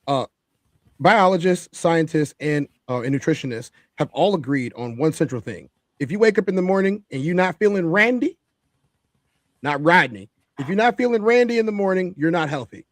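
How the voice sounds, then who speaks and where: A man's voice: a little high, animated, normal speed, no echo. A man co-hosting a talk show, giving opinionated commentary in an emphatic, preachy way and repeating his points for effect. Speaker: podcast co-host.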